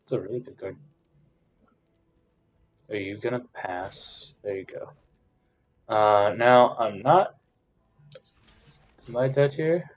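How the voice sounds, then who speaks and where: A man giving casual commentary over a card game match, frustrated, swinging between loud complaints and quiet muttered counting. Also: lowish voice, slow pace, long pauses, muffled recording, a little hiss or hum.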